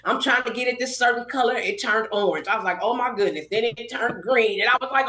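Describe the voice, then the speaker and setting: A woman's voice: on the high side, quick pace, hardly any pauses. A middle-aged woman from Los Angeles, a podcast guest telling a story and acting out the lines of everyone in it. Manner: animated storyteller acting out quoted dialogue. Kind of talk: casual storytelling interview. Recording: roomy echoey podcast room.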